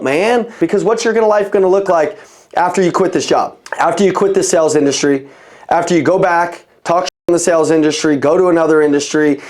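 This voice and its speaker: A man's voice: high-pitched, darkish tone. A man coaching a sales team over a video call, talking bluntly and with profanity in a fired-up motivational style. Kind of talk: motivational sales training talk.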